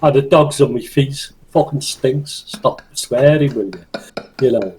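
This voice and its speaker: A man putting on a grumpy old Liverpool dock worker with a Scouse accent and a slow, grumbling delivery. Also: mid-range voice, darkish tone, a little hiss or hum, close to an everyday voice.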